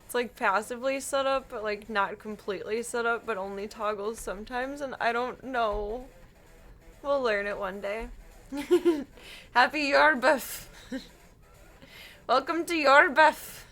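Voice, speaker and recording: A woman's voice: fairly high pitch, normal speed. A young woman live-streaming, chatting casually with a giggly, rambling, self-deprecating manner.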